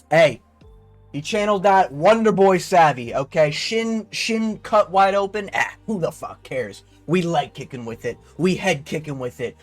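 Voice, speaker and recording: Young guy, fight analyst, casual and profane, slightly high voice, light music bed. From Canada. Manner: rambling, profane, slangy, keeps tagging "okay?". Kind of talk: casual fight breakdown commentary.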